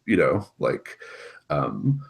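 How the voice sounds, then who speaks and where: A man with a low voice acts as game master in a casual tabletop session. He talks loosely, full of fillers, and laughs often. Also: big pitch swings, extremely slow, vocal fry.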